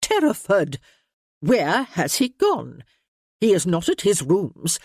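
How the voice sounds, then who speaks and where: A woman's voice: fairly low pitch, wildly swooping pitch, takes it slowly, darkish tone, breathy edge, no room sound, clean studio sound, heavily acted. A woman voicing an imperious elderly noblewoman who scolds and commands in a storybook reading.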